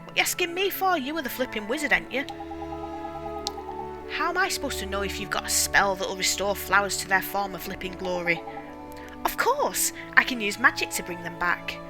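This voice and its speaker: A woman's voice: mid-range voice, expressive, moderate pace, natural voice. Woman doing a cheeky fairy sidekick. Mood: exasperated. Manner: blunt, sassy, colloquial. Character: cheeky little male fairy sidekick, brash. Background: game music.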